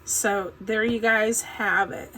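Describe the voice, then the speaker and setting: A woman's voice: mid-range voice, steady tone, slow pace, pushed and bright, a little hiss or hum, poor audio. A woman hosting a casual crafting tutorial, chatty and folksy, with a groggy morning voice since she has just woken up. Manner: chatty, folksy, says "um" a lot. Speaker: craft channel host.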